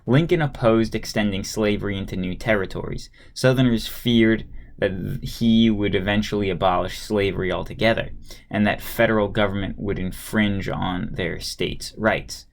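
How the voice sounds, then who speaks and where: A man with a fairly low voice reads a history textbook aloud in a plain, steady way. He breaks off now and then for a relaxed aside to the listener, and he sometimes trips over a word and starts it again. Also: moderate pace, creaky, a little hiss or hum. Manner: plain steady read-aloud, occasional stumbles and restarts.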